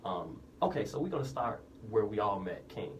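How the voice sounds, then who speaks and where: A young man hosting a casual community radio show, speaking upbeat and a little slowly. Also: lowish voice, big pitch swings. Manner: upbeat, deliberately slow radio voice. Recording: distant mic, faint room noise.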